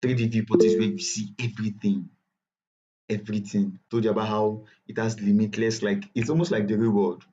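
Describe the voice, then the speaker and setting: Nigerian male instructor, low mellow voice, casual and repetitive, dull online-call audio. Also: fairly even intonation, fairly quick. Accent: Nigerian English. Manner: chatty, repetitive, self-correcting. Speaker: bootcamp instructor. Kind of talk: live online tutorial.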